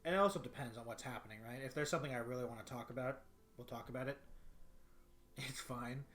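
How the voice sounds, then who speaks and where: Streaming from his bedroom, a young man chats casually and rambles, dropping in lots of fillers and restarts. His medium-pitched voice moves fast with a fairly bright tone in this solo livestream.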